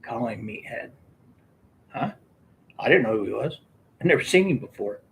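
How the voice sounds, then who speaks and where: A man's voice: medium pitch, very animated, fairly quick, vocal fry. An older man telling rambling casual stories from his youth, often breaking into laughter. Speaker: storyteller. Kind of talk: casual storytelling.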